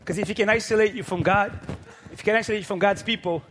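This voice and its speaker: A man preaching a sermon to a congregation, building from quiet, low lines to loud, shouted peaks with rhythmic repetition. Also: fast talker, slight background noise. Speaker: pastor. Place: church.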